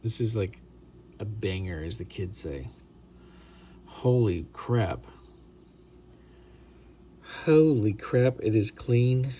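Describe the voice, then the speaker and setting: A middle-aged man with a lowish voice talks through a card-pack opening in a loose, rambling vlog style. He gets excitable and pokes fun at himself. Faint crickets chirp behind him. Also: slow, long pauses, slight background noise. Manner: rambling, excitable, chatty, self-deprecating. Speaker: card collector opening booster packs. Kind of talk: casual hobby vlog commentary.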